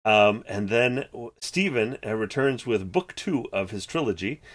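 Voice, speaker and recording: A man talking as a guest in a casual chat, pitching his company's new books with enthusiasm. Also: a little slow, a bit bright. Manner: enthusiastic pitching, many fillers. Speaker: game publisher guest.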